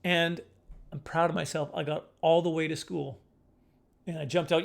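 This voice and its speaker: A middle-aged man telling a self-mocking comic story to camera in a casual, animated way. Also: moderate pace, creaky. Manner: animated, self-mocking, jumps into high squeaky voices for his younger self. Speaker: comedian storyteller.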